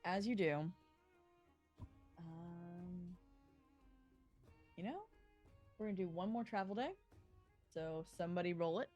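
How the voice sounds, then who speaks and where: A woman running a tabletop game as game master, talking in a halting way with many fillers. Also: lowish voice, a little mellow, soft background music.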